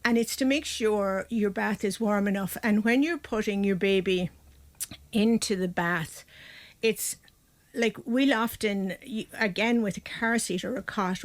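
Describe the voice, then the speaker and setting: A woman guests on a radio programme, explaining things in a chatty, meandering way. She restarts sentences often and leans on fillers as she talks, at an ordinary middle pitch for a woman. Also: a little slow. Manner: chatty, many restarts and fillers like "like" and "you know". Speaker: baby sleep expert guest. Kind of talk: radio interview, explaining advice.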